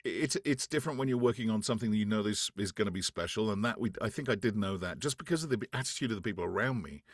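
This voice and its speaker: A man from France, a guest actor, telling animated stories in an interview, acting out quotes with restarts along the way. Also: lowish voice, racing, no echo, studio quality. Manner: animated anecdotes, acts out quotes, frequent restarts. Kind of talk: casual interview storytelling.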